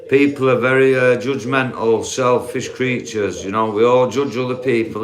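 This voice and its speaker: A middle-aged man with a Yorkshire accent chatting live to viewers from a dark bedroom while lying down, talking in a blunt, sweary, earnest way. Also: mid-range voice, moderate pace, few pauses, echoey room. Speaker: livestreamer. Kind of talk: casual live chat reading viewer comments.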